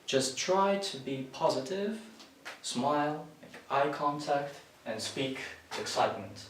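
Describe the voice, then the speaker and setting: A man's voice: a little high, lively intonation, unhurried. A man whose first language is Russian teaches an English speaking-exam lesson, explaining tips and often restarting and correcting himself. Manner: instructive, with frequent restarts and self-corrections. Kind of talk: spoken exam-prep lesson. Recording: very echoey room, far from the mic, faint hiss.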